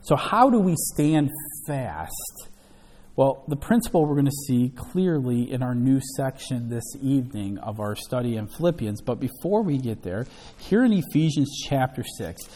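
A man's voice: mid-range voice, mellow, in a large hall. A man preaching an emphatic sermon, teaching from the Bible and reading scripture aloud between his comments. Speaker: pastor.

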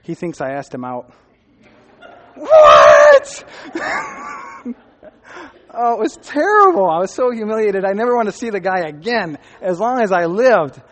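A man with a somewhat high voice tells a church testimony, acting out the dialogue and laughing along the way. His voice rings in a long hall reverb. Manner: storytelling with quoted dialogue and laughter. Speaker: church speaker giving a testimony. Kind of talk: testimony sermon.

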